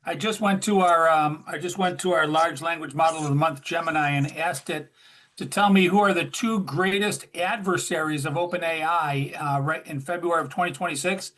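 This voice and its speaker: A man's voice: on the high side, moderate pace, fairly bright tone. A man co-hosting a live tech stream, bantering in an easygoing, joking way. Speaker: co-host.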